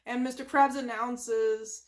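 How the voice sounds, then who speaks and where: A woman's voice: a little high, steady tone, slow. A woman hosting an ASMR channel, casually retelling a cartoon from memory in a rambling way, with lots of filler words and sound effects.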